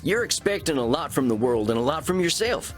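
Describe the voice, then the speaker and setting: An actor with a Southern American accent voicing a laid-back cowboy vampire therapist who talks in an easygoing, probing way in a video game. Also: male voice, a little high, very animated, brisk, soft background music.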